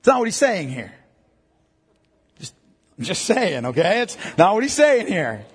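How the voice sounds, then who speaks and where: Male pastor, middle-aged, husky and high-pitched, joking sermon delivery, long reverb. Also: sing-song, moderate pace. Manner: joking asides with a congregation. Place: church hall.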